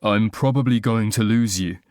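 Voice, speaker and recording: A man reading an audiobook, voicing a formal young man who is choked up and apologetic, speaking in a soft, halting way. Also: lowish voice, no echo, studio quality, natural voice.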